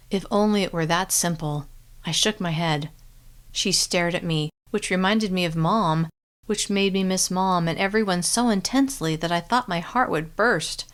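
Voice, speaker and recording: Woman narrator, audiobook reading, first person, slightly low voice, steady clear delivery.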